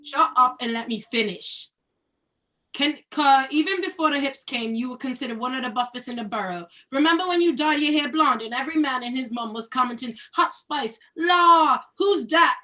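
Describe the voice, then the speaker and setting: A woman reading a brash young London woman with a British accent, scolding her best friend in a rapid stream, with a fairly high voice. It is a cold reading of a scene, played with plenty of bite. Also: pushed and bright, distant mic. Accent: British, put on.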